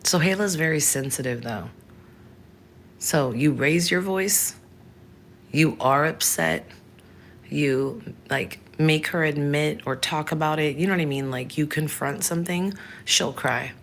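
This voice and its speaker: A woman's voice: deep voice, measured pace, fairly bright tone, slight background noise. A woman in her thirties hosting a casual livestream, chatting frankly and answering viewers by name. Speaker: livestream host.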